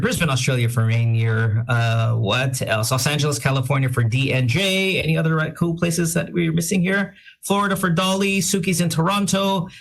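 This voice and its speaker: A man's voice: a little high, fairly bright tone. Chatty male radio host. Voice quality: says he sounds a bit sick. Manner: rambling, self-deprecating, quick asides. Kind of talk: casual radio chat, reading listener shout-outs.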